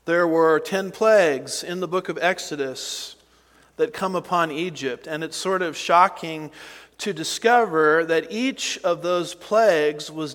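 A man delivering a sermon from the pulpit, his voice pitched a little high. He takes his time, stressing key words and dropping into asides. The sound carries a long hall reverb. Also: a bit bright. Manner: slow, deliberate preaching with emphatic rises and asides. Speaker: pastor.

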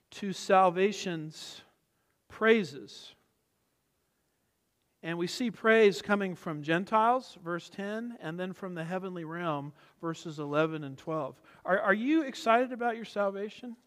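High-voiced emphatic preacher in a reverberant hall. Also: male voice. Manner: emphatic, swings between loud stresses and soft asides. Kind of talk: expository sermon.

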